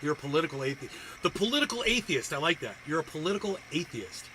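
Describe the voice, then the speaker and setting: A man's voice: a little high, very animated, fast, sharp tone, slight background noise, low-quality recording. A man hosting a livestream, reacting to videos with profane, crude ranting and insults. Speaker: livestream host.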